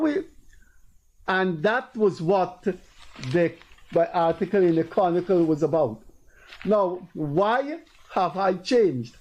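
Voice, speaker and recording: A Guyanese man hosts a political talk show, speaking higher than most men but with a dark, mellow tone. He tells long stories and keeps repeating his points with emphasis, switching to a raised voice when he quotes others. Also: moderate pace, lo-fi sound. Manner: storytelling, acting out quoted people in a raised voice. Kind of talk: casual political commentary.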